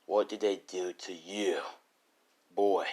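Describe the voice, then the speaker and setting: A man's voice: low voice, steady tone, takes it slowly, warm tone. A man playing a stern interrogating hero. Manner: stern, insistent. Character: stern adult male hero questioning a boy.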